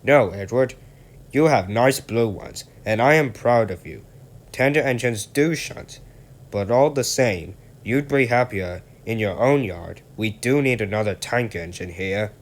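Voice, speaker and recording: A man's voice: lowish voice, lively intonation, a little slow. A man voicing a stern, portly male railway boss who speaks in a formal, clipped, commanding way.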